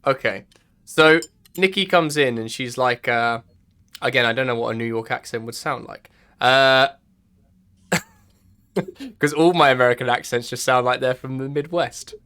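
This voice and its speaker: Gm guy narrating the scene, lots of uhs and ums, bright sharp voice. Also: mid-range voice, moderate pace, long pauses, smooth. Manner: hesitant, many fillers and restarts while setting scenes. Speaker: game master. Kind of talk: running a tabletop role-playing game.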